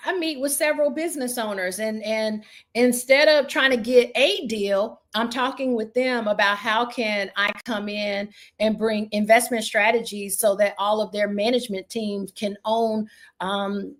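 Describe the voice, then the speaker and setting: A woman's voice: fairly high pitch, a bit bright. A woman real estate trainer giving an online motivational training session, fervent and preacher-like, talking to her audience as y'all.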